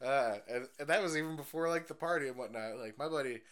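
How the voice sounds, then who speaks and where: A young adult man co-hosts a casual podcast, telling stories at a quick pace in a medium-pitched voice. He's an animated storyteller who swears a lot, laughs, and acts out voices.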